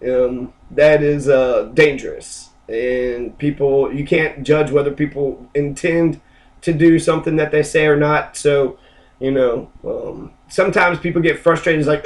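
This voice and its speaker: Brief: man, flu-sick, loose and profane, slightly high-pitched, casual vlog ramble. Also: unhurried. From Kentucky. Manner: rambling, profane, stop-start. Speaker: political video blogger.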